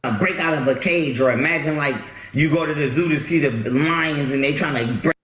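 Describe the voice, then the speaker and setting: A man telling an animated story in a casual group chat, emphatic and swearing, with stumbling restarts. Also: fairly high pitch, brisk, echoey room. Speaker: storyteller guest.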